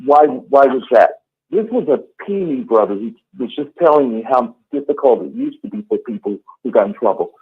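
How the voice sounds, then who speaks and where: A man calls in as a guest and explains things earnestly. His voice is husky and comes through a tinny phone-line call. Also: mid-range voice, big pitch swings, brisk. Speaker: quiz contestant and guest. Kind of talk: casual storytelling.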